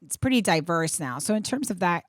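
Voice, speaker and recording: Middle-aged woman comic, low voice, dry close sound, lively storyteller who swears. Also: brisk, dry recording. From USA. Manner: animated storytelling, acts out quotes, swears. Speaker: comedian guest. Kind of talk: casual chat.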